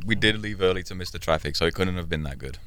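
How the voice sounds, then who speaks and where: A man from the UK in a casual group chat, self-deprecating and quick to laugh. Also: deep voice, a bit bright.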